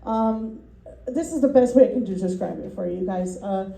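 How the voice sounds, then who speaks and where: A woman's voice: mid-range voice, moderate pace, creaky, dark tone, reverberant, low-quality recording. A woman doing a rambling, self-deprecating stand-up set at a student showcase, full of ums and little laughs, as the class's comedy teacher.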